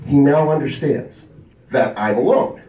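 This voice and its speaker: A comedian at a convention does stand-up storytelling in a mid-range voice at a measured pace, crude and animated as he impersonates his characters. The recording is muffled and echoey, captured from a distance with slight background noise.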